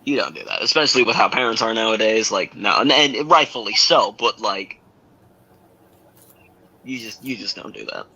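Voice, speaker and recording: A man's voice: on the low side, moderate pace, husky, low-quality recording. A young man, a schoolteacher, chatting casually on a sports podcast and acting out the people in his stories. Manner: animated storyteller, acts out quotes.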